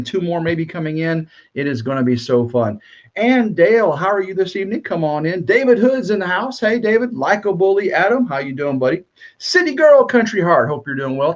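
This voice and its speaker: A man hosting a live stream, upbeat and welcoming as he greets viewers by name. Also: high voice. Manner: upbeat, welcoming, reads out names and comments. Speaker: livestream host. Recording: dull lo-fi stream audio.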